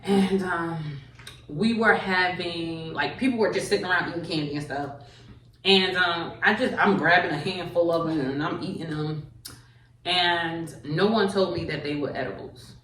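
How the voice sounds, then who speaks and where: A woman comedian telling stories in a casual podcast chat, animated and acting out the voices of others. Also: fairly low pitch, normal speed, recorded from a distance. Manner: animated storyteller, acts out quoted voices. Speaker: comedian guest. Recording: roomy, from off mic.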